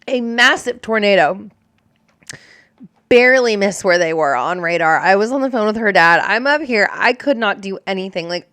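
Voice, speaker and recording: A woman's voice: mid-range voice, a bit bright, no echo, studio quality. A young adult woman who is a storm chaser, talking candidly and emotionally in a casual reaction chat, swearing and using lots of fillers.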